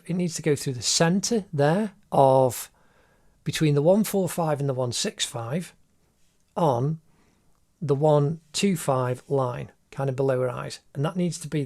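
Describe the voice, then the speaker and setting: A man with a fairly high voice narrates a drawing lesson as he works. He explains each step patiently and keeps encouraging the learner. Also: vocal fry. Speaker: art teacher.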